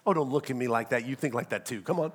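A pastor, preaching a sermon with humor and acted-out asides. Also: male voice, medium pitch, quick pace.

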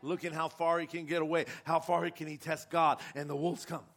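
A man's voice: on the high side, flat delivery, fairly quick, creaky, fairly bright tone. A man preaching a sermon with passion, asking his congregation rhetorical questions. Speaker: pastor.

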